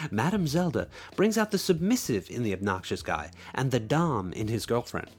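Male podcaster reading his own fiction, expressive, slightly high voice, faint music under him. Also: normal speed, few pauses, slightly rough. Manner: expressive storytelling, playful asides. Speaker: podcast host and author. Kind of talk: reading his own short story aloud.

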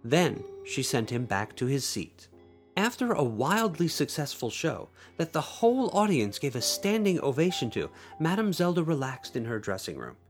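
Male podcaster reading his own fiction, expressive, slightly high voice, faint music under him. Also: normal speed. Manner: expressive storytelling, playful asides. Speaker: podcast host and author. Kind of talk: reading his own short story aloud.

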